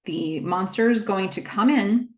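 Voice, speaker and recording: A woman's voice: mid-range voice, measured pace, a little mellow. A woman retelling a film scene by scene in a casual recap, with the odd filler. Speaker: movie recap host.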